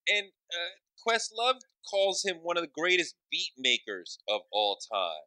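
A man hosting a podcast, asking measured questions and sharing what his show covers. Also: high-pitched, very animated, pushed and bright, no echo, rough recording. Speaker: podcast host, interviewer. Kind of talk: interview questions.

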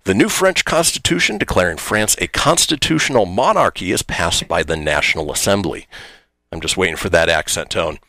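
A man's voice: sits low, a little fast, no room sound. A man hosting a radio show, reading this-day-in-history items in casual banter. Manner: lively, reads items then jokes.

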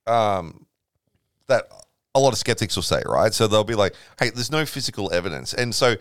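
A man's voice: fairly low pitch, lively intonation, normal speed, a bit bright, clean tone, no echo, studio quality. A man who is a comedian guest on a podcast, talking in a laid-back casual chat and swearing often.

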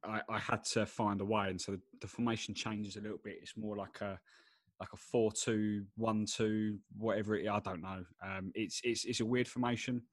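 A man's voice: fairly low pitch, little pitch movement, moderate pace, dry recording. A man from England co-hosting a football podcast, chatting casually and hesitantly, often repeating his words. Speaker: podcast co-host. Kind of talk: casual chat.

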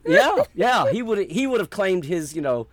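A man answering interview questions in a casual, animated way, acting out the voices of people he quotes. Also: sits high, moderate pace, crowd noise. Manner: animated storyteller, acts out quoted reactions. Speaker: interview guest.

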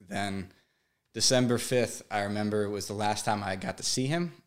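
A man in his twenties, a podcast guest, telling a painful personal story in a halting, emotional way, often repeating words. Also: on the low side. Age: 20s.

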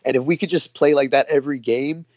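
A man's voice: mid-range voice, fairly even intonation, quick pace, a little mellow, dry recording. Brief: New York American man, easygoing guest, slangy and laughing, dry close sound. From New York, USA. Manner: laid-back, laughs often, slangy. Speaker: guest fan. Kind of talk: casual podcast chat.

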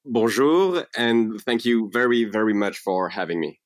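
A man from France joins a podcast as a guest. His voice is very low, and he answers in a friendly, slightly halting way. The recording is dry. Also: dry recording. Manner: friendly, a little hesitant, repeats words. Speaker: event co-founder, guest. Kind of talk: podcast interview.

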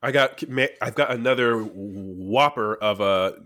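A man's voice: lowish voice, measured pace, pushed and bright. A man co-hosting a casual podcast chat, laughing often and making crude jokes. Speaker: podcast co-host.

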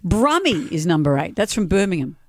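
A woman's voice: lowish voice, very animated, fairly quick, dry recording, clean studio sound. A woman co-hosting breakfast radio, teasing and laughing in banter. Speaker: radio co-host.

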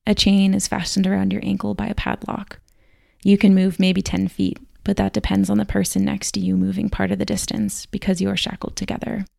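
Gravelly woman host, flat and steady, reading scripted documentary narration. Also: mid-range voice, no echo, studio quality. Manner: measured storytelling reading. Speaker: podcast host.

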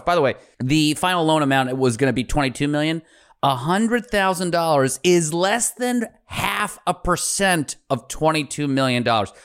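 A man's voice: a little high, a bit bright, smooth. A man hosting a podcast who tells a story dramatically, acting out quotes and swearing freely. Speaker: podcast host.

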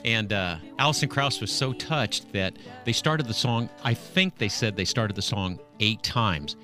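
A man's voice: on the low side, a little slow, sharp tone, soft background music. A man hosting a home improvement call-in radio show, chatting in a folksy, storytelling way with callers and co-hosts. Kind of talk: casual call-in radio chat. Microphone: studio mic.

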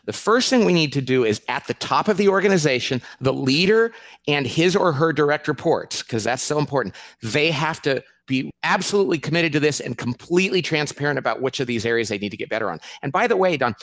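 A man answering interview questions as an author and consultant, lively and acting out quoted people. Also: fairly high pitch, fast, no echo. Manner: animated, acts out quoted people in raised voice.

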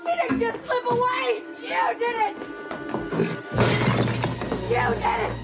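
A shrill, furious accuser. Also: female voice, huge pitch swings, slow pace, full character voice. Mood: accusing. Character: furious grieving woman accusing someone of murder. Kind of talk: dramatic film acting. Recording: distant echoey film clip over loud music.

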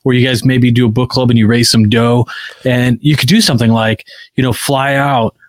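A man's voice: mid-range voice, moderate pace, no room sound. Rambling male podcast host, dry sound. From Illinois, US. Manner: relaxed, rambling with many fillers. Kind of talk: casual chat.

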